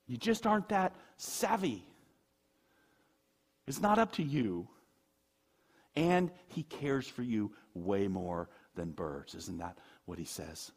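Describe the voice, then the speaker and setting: A man preaching a sermon, animated, with laughing asides, acting out quoted voices. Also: fairly high pitch, unhurried, slightly rough. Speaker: pastor.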